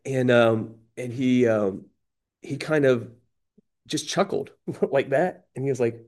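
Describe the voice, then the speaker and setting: A man's voice: medium pitch, takes it slowly, darkish tone. A man speaks candidly about his recovery, in a loose, slangy and self-deprecating way. He often stops and restarts his sentences as he talks. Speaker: AA member sharing.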